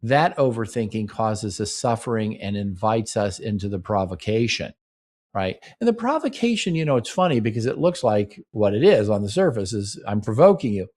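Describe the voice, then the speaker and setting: A man's voice: on the low side, big pitch swings, moderate pace, a little mellow. A middle-aged man hosting a relationship advice show, speaking earnestly and acting out little sample conversations between partners. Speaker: relationship talk show host. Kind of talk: radio-style advice talk.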